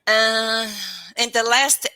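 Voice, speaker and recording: Halting woman with a Portuguese accent. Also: on the high side, steady tone, bright, forceful tone, no echo. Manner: hesitant, searching for words, many restarts. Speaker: English student. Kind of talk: online English lesson conversation. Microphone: video call.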